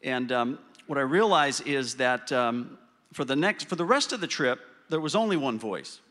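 A man telling a self-deprecating story in a sermon, then drawing a quiet spiritual lesson from it. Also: medium pitch, animated, moderate pace. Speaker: church speaker sharing a story. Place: church hall. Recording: reverberant church hall.

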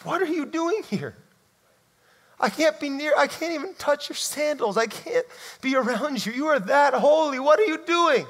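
A man preaching as a fisherman disciple, overwhelmed and pleading in a strained high voice. The sound has the long ring of a big hall. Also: slow, few pauses. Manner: pleading, astonished.

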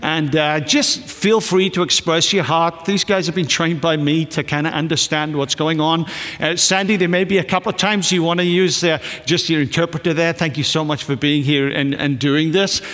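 High-voiced pastor in a reverberant hall. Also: male voice, fairly even intonation, moderate pace, a bit bright. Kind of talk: church service introduction. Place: church hall.

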